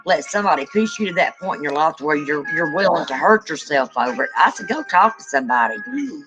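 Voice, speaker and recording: A woman co-hosting a livestream in casual chat, telling a long story and jumping up in pitch when she quotes people. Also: fairly quick, music in the background, rough recording. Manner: animated storyteller, rises high when quoting. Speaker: livestream co-host.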